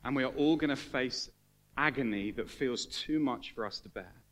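A man's voice: mid-range voice, moderate pace, fairly bright tone. Earnest, emotional male preacher. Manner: earnest, emotional, rising to fervent emphasis. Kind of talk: sermon. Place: church hall with congregation.

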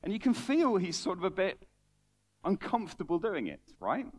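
A man's voice: high voice, wildly swooping pitch, normal speed. A man preaching a conversational sermon, reading scripture aloud and often repeating words as he talks.

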